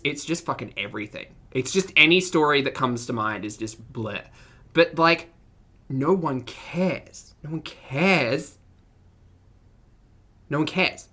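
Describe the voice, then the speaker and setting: A low-pitched woman with a forceful, sharp edge to her voice, giving live reaction commentary on a stream. She talks bluntly and sarcastically, with exasperated rants and swearing.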